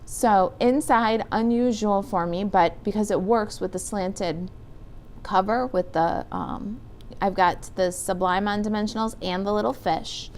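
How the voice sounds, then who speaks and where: Middle-aged female crafter, chatty live-stream host who reads out comments, mid pitch. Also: measured pace, a little mellow, slight background noise. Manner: chatty, rambling, reads viewer comments aloud. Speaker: stamping demonstrator.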